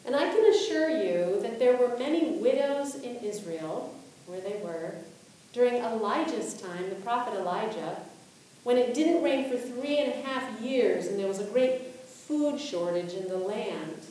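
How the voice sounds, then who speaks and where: A woman's voice: a little high, animated, a little slow, dark tone, a little hiss or hum. A woman pastor giving a sermon, asking reflective questions and reading scripture aloud. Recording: echoey room, voice from a distance.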